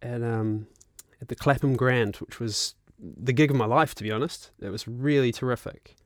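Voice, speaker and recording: Animated New Zealand man, 30s, casual storyteller with a mid-range voice, dry close mic. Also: mid-range voice, normal speed, no echo. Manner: animated, swears freely, laughs often. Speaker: guest musician and actor.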